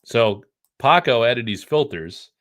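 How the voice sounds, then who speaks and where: A man's voice: medium pitch, animated, slow, a bit bright. Middle-aged guy from the US, rambling stream host, jokey, bouncy voice. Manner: joking, rambling, reads chat aloud. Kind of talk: casual live stream chat.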